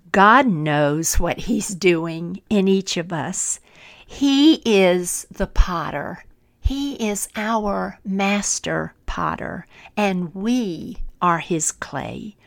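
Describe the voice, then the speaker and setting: A woman preacher telling a parable in a sermon, narrating in a dramatic, expressive way. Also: lowish voice, extremely slow, vocal fry. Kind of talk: sermon storytelling.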